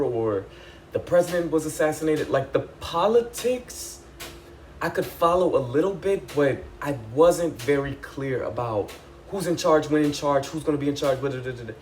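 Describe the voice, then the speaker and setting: A young man talks through a TV episode in a loose, excitable way, peppering his speech with "like" and "y'all". His voice sits at an ordinary middle pitch. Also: slight background noise. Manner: excitable, animated, chatty with lots of "like" and "y'all". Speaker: TV recap vlogger. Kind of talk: casual episode recap.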